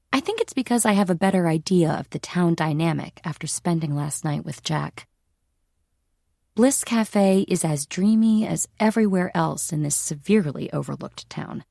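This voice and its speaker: A woman's voice: sits low, creaky, a little mellow, no echo, studio quality. A woman narrating a first-person audiobook in a wry, dryly humorous manner.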